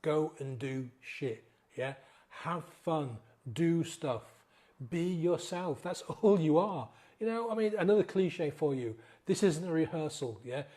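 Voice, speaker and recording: A man's voice: a little high, unhurried, warm tone. A male sobriety coach giving an earnest, pleading motivational talk to camera, close to tears and often checking in with "yeah?". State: emotional, near tears.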